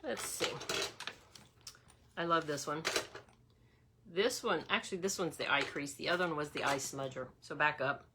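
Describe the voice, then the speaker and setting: A woman's voice: sits low, normal speed, long pauses, noisy background. A woman giving a chatty makeup tutorial, talking straight to her viewers. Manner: chatty, addresses viewers as y'all. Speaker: makeup demonstrator.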